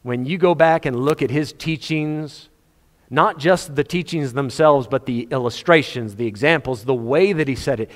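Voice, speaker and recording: A man preaching a sermon, telling the story with animated, acted-out scenes. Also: medium pitch. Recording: long hall reverb.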